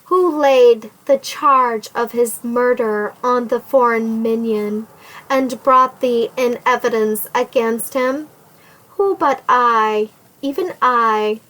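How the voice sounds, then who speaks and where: A woman's voice: fairly high pitch, takes it slowly, fairly bright tone, poor audio. A woman reading as a sneering, vengeful nobleman. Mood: menacing. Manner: sneering, menacing, archaic formal speech. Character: scheming, vengeful nobleman threatening a captive woman.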